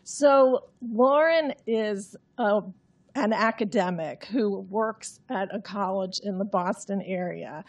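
A woman reading her own novel aloud in an understated, droll way, then explaining the story. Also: mid-range voice. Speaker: author.

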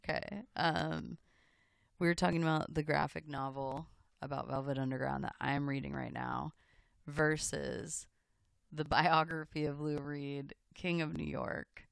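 A man's voice: on the high side, a little slow, gravelly, a bit bright, no echo, clean studio sound. A man co-hosting a music radio show, teasing his co-host in casual on-air banter.

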